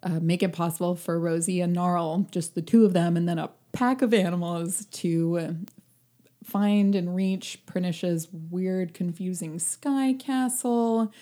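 A young woman talks through a novel in casual podcast chat, rambling and laughing as she goes. Her voice sits fairly low and sounds mellow and warm. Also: unhurried. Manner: rambling and animated, with frequent fillers and laughter. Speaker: podcast co-host. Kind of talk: casual book discussion.

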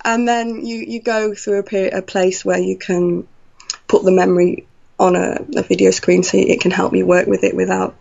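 A woman telling a personal story in an animated way, acting out her own past thoughts. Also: lowish voice, normal speed, gravelly. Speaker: guest. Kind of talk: conversational storytelling. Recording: slightly dull lo-fi audio.

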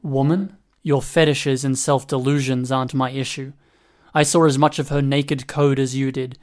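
A man's voice: medium pitch, little pitch movement, normal speed, lightly acted. A man reading as a cold, calculating hacker.

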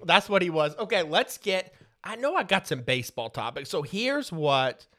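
A man in his thirties hosts a podcast and tells casual stories in a high, sing-song, fairly bright voice at a normal speed. He swears freely and laughs throughout, and the studio-quality recording has no echo.

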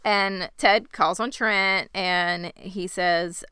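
Casting note: woman, bright crisp voice, brisk recap with asides, dry close sound. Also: mid-range voice, steady tone, no echo. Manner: brisk plot summary with side jokes. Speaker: podcast co-host recapping a TV episode. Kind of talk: casual chat.

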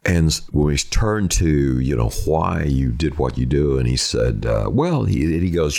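A middle-aged man with a very deep, gravelly voice tells true crime stories in an interview. His pitch swings widely as he acts out the people he quotes. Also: normal speed, hardly any pauses. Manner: animated storyteller acting out quoted voices. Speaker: true crime reporter answering questions. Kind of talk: storytelling in an interview.

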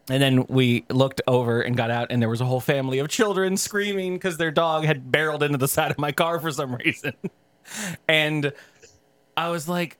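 A young man co-hosting a podcast, telling a story in casual, profane chat with sudden pitch jumps. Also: fairly quick, fairly bright tone, no echo. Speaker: podcast co-host.

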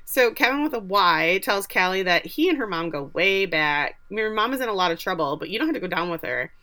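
Bright-voiced woman recapping a show. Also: lowish voice, lively intonation, fast talker. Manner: chatty, acts out quotes from the show. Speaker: podcast co-host. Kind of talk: casual episode recap chat.

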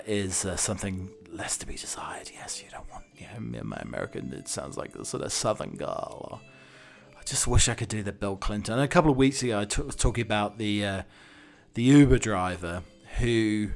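A British man hosting a solo podcast, rambling cheekily and mocking himself. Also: fairly low pitch. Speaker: podcast host.

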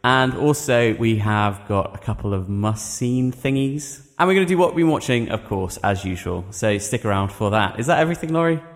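A man talking through the week's films on a casual podcast. He rambles in a relaxed way, with plenty of filler words. His voice sits at an ordinary pitch and comes through a dry, close mic. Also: a little fast, hardly any pauses, dry recording. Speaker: podcast co-host, film reviewer. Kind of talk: casual chat.

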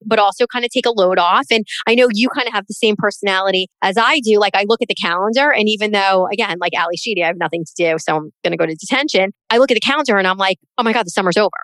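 A woman's voice: medium pitch, a bit bright, no echo. A middle-aged woman co-hosting a podcast, chatting in a reflective, rambling way. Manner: chatty, reflective, drawn-out asides. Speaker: podcast co-host. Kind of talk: casual chat.

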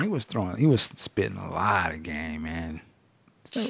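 Gravelly, animated man chatting. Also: lowish voice, normal speed, long pauses, a little hiss or hum. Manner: laughs often, acts out characters' lines. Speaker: podcast host. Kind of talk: casual chat reviewing a TV episode.

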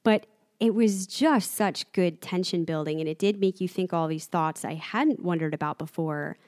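A woman's voice: fairly low pitch, moderate pace, darkish tone, no room sound. Dry-sounding woman discussing a book.

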